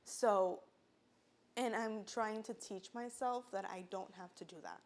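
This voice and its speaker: A woman's voice: mid-range voice, a little slow. Earnest woman sharing a personal testimony. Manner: earnest, filler-heavy, fighting back tears at times. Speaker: podcast speaker sharing her story.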